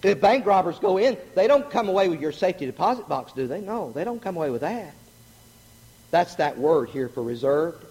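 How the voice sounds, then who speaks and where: A middle-aged man preaching a sermon, animated and joking, asking the congregation questions. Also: sits high, a little fast, breathy edge. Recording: long hall reverb.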